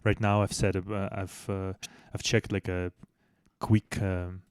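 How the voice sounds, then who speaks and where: A man's voice: sits low, level tone, slow pace, a little mellow, clean tone, no echo. A man hosting a news commentary channel in casual, blunt style, swearing heavily and restarting sentences, speaking English as a second language. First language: not English.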